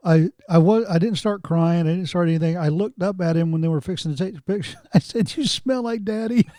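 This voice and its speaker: Mellow, wry middle-aged man. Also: a little high, fast, no room sound, clean studio sound. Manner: wry, joking storyteller. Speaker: podcast co-host. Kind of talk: casual chat.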